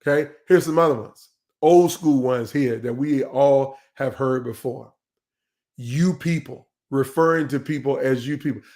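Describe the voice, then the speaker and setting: A man's voice: medium pitch, moderate pace, darkish tone. Emphatic man giving a live leadership talk. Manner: conversational and emphatic, with repeated words. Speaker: leadership speaker hosting a live session.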